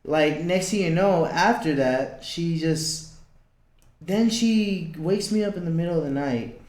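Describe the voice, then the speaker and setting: A man's voice: fairly high pitch, measured pace, darkish tone. A young man telling a personal story as a podcast guest, blunt and swearing, acting out the lines he quotes. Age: young adult. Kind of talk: casual storytelling. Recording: roomy echo.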